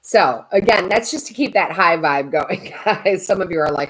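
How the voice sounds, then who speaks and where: A woman tarot reader and medium chatting on a live stream, animated and laughing often as she tells stories to her viewers. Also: on the low side, normal speed, hardly any pauses, low-quality recording. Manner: chatty, animated, laughs a lot while talking.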